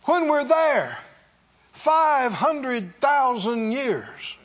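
A man's voice: very high-pitched, very animated, very slow, a bit bright, dull audio. A man preaching a sermon in a church, with emphatic, repetitive call-and-response delivery. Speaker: pastor.

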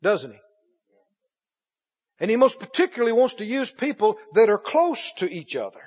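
A male preacher giving a sermon, emphatic and swinging between loud and hushed. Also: high-pitched, sing-song, moderate pace, slightly rough. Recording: dull echoey hall recording.

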